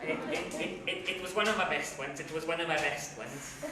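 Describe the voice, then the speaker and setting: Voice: mid-range voice, big pitch swings, moderate pace, a loud crowd, lightly acted. An actor as a stammering music-hall joker. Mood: joking. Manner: stammering, joke-telling, repeats phrases. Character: male recruiting clerk, former music-hall comedian, jokey. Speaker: stage actor. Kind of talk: live amateur stage acting. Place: live stage in a hall. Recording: echoey hall recording from far off.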